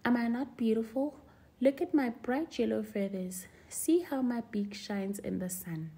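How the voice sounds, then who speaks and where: A woman's voice: a little high, measured pace, mellow. A woman voicing a boastful, mean little male weaver bird in a storybook reading, showy and taunting.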